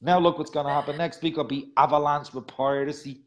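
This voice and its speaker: A man's voice: fairly high pitch, fairly even intonation, a little fast, a little hiss or hum, low-quality recording. Man reading rhyming verse on the radio. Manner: soft, trailing ends of lines; chatty and self-mocking between readings. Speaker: radio host. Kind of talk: reading rhyming poetry and chatting.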